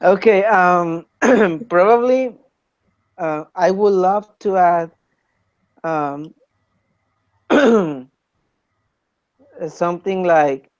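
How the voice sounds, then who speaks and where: A soft-spoken woman in a casual study group, hesitant and full of fillers. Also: fairly low pitch, very slow, pauses often, dull audio.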